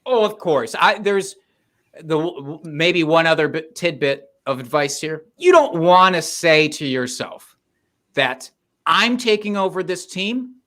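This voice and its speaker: A man's voice: on the high side, unhurried. A man co-hosting a podcast in casual chat over drinks, joking and swearing. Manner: animated, joking and profane. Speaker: podcast co-host.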